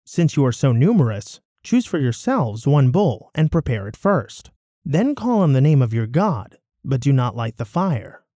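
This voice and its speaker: A man's voice: mid-range voice, very animated, a little slow, mellow, no room sound, clean studio sound. A man voicing a bold, commanding male prophet in a scripture reading, declaiming with fervent, rising cries. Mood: mocking.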